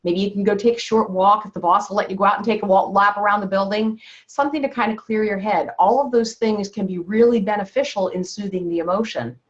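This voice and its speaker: Lady health coach on a muffled video call, mid-pitched voice, keeps saying okay?. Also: fast, few pauses. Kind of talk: teaching a wellness call. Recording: dull lo-fi video call audio.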